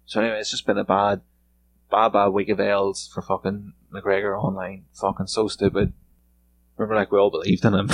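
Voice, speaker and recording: A man's voice: on the low side, level tone, brisk, low-quality recording. A man hosting a solo podcast from a room at home, rambling casually and swearing freely. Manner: rambling, profane and laid-back. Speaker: podcast host.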